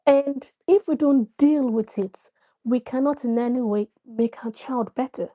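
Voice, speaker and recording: Giving parenting advice on a casual live stream, a woman greets viewers by name as she chats and illustrates her points with examples. She speaks at a measured pace in a high voice with a dark tone.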